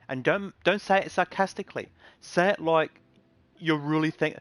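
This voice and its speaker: A man's voice: a little high, lively intonation, normal speed, fairly bright tone, dry recording. A man streaming games, chatting casually and giving earnest advice to viewers with lots of ums and restarts. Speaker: game streamer. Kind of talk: casual live-stream talk.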